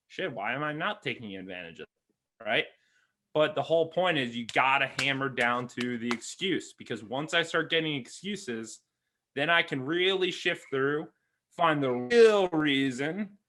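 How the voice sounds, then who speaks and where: A man's voice: mid-range voice, bright, forceful tone, slight background noise. A man coaching real estate agents in a conversational way, acting out little dialogues with clients. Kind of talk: sales coaching talk.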